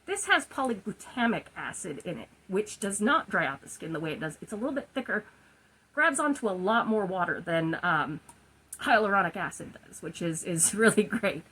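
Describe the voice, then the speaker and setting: Chatty husky-voiced woman in her forties. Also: medium pitch, sing-song, moderate pace, fairly bright tone, low-quality recording. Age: 40s. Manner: chatty, goofy, laughs at own slips. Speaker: skincare vlogger. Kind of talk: casual product review. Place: her room at home, indoors.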